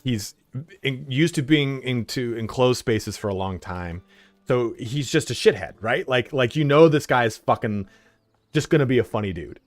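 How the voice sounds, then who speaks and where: A man's voice: medium pitch, expressive, moderate pace, no room sound, soft background music. A young man streaming from home, chatting casually and telling rambling stories with lots of swearing and filler words. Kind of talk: casual livestream chat.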